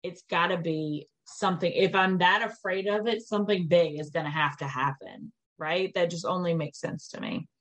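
A young adult woman hosting a podcast, telling a story in a rambling, animated way with lots of "like" fillers and casual swearing. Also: lowish voice, normal speed, few pauses. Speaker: podcast host.

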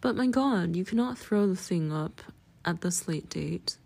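A man's voice: sits high, lively intonation, unhurried, gravelly, a little mellow, full character voice. A woman reading the part of a lonely husband who speaks in a thick, tired voice. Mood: pleading.

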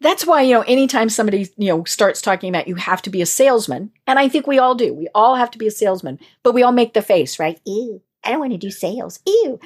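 Animated woman from Colorado. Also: on the high side, fast talker, few pauses, slightly rough. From Colorado mountains, USA. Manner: animated, frequent affirming murmurs. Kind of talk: casual conversation.

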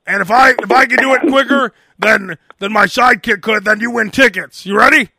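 A man telling a story on a comedy podcast, stumbling over his starts. His voice is very high and bright. The sound is dry and close. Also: fairly quick, gravelly, no echo. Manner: stammering restarts while telling a story. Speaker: podcast co-host. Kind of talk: casual comedic chat.

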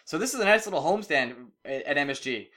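A man's voice: on the high side, animated, fast talker, bright, forceful tone. A man co-hosting a casual sports podcast, playful and teasing, laughing often. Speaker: podcast co-host.

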